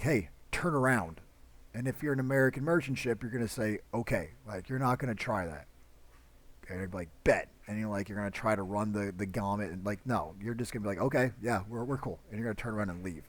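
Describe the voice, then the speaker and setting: A young man lecturing on history in an easy, conversational voice. He talks off the cuff with plenty of fillers and restarts, slipping into short acted-out quotes to make his points. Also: medium pitch. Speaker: history teacher. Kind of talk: casual classroom lecture.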